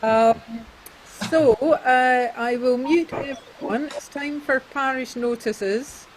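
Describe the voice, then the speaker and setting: A woman's voice: sits high, slow pace, a little hiss or hum. Hesitant woman hosting a video-call sing-around. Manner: hesitant, lots of ums and uhs. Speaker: host of online folk singing session.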